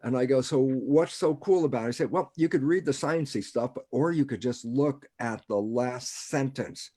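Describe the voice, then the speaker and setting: A man of average pitch explains ideas in an easy, conversational way over a video call. He keeps posing rhetorical questions to himself and chuckles often as he talks. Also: moderate pace, dark tone. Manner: rhetorical, keeps asking himself "why is that relevant?". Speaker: guest speaker.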